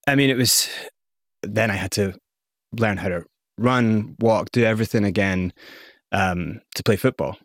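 A man's voice: fairly low pitch, moderate pace, pauses often, no room sound, studio quality. A man from Scotland who grew up partly in South Africa, telling his life story candidly and vividly as an interview guest. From Scotland, raised partly in South Africa.

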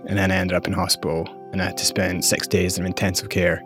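A man with a Scottish accent, a guest in an interview, recounting his past with candid, animated storytelling. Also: low voice, fast, over music. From South Africa and Scotland. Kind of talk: personal storytelling.

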